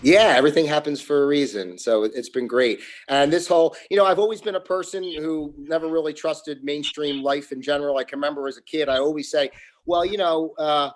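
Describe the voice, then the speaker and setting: A man's voice: a little high, brisk. A man from New Jersey with an American accent, a guest chatting casually on a video call, rambling and correcting himself. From New Jersey, near Philadelphia. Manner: rambling, self-correcting, chuckles. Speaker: guest, yoga teacher.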